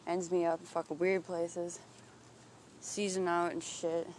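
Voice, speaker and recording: A vlogger muses out loud while walking outside, swearing freely and circling back on unfinished thoughts. The voice sits at an ordinary, middle pitch, with a faint hiss of open air behind it. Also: little pitch movement, unhurried. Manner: profane, searching, thinks aloud with restarts. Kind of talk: rambling introspective monologue. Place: outdoors, walking.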